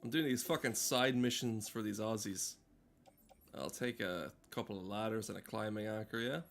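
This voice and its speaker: A man's voice: on the low side, moderate pace, fairly bright tone. A man giving casual, sardonic, sweary commentary over a video game he is playing. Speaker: gaming streamer.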